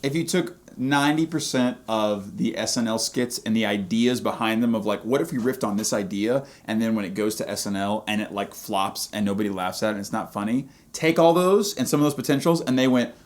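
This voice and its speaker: A man's voice: lowish voice, fairly quick, few pauses. A man, a podcast guest, explaining his views in casual chat with enthusiastic, rambling sentences.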